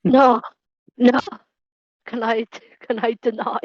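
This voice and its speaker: Female tabletop player, higher voice, giggly, slightly muffled dry recording. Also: little pitch movement, slow, no echo. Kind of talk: playing a tabletop game.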